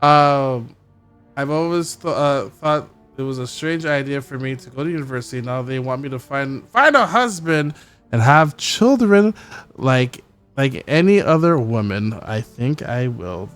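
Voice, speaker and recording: A man playing a story game, reading in-game letters aloud in a halting way, with stumbles, restarts and wry swearing asides. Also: medium pitch, smooth, soft background music. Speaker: gameplay streamer.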